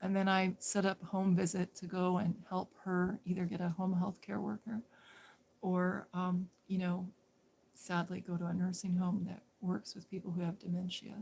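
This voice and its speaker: A woman live streaming, telling a story casually in a rambling way that drops into hushed whispers. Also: lowish voice, flat delivery, moderate pace, creaky.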